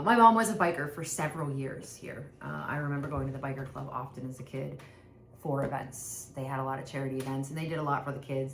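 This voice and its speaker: A woman guest presenting a prepared tribute, speaking deliberately with lively emphasis. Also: rumbling low, creaky, echoey room, a little hiss or hum. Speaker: guest giving a tribute to her mother.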